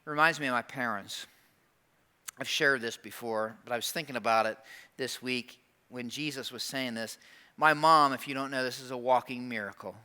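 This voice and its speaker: A man pastor preaching a sermon, animated and emphatic, sometimes dropping to slow quiet asides. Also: medium pitch, smooth. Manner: animated, acts out quoted prayers in a raised voice.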